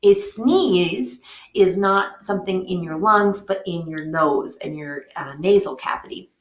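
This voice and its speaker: A woman's voice: lowish voice, unhurried. Chatty woman teacher in an echoey room. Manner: explanatory, many ums, chatty asides to students. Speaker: high school biology teacher. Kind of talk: recorded remote lesson.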